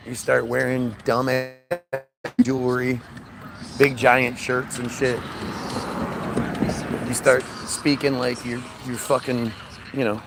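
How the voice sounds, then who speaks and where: A man's voice: medium pitch, vocal fry, background noise. A man ranting in a casual monologue, swearing often, with frequent stammers and restarts. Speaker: podcast host.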